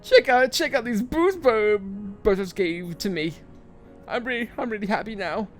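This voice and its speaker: Man, let's play host, very lively pitch, jokey, laughs a lot, faint music. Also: moderate pace. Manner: excitable, jokey, laughs often. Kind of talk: gameplay commentary.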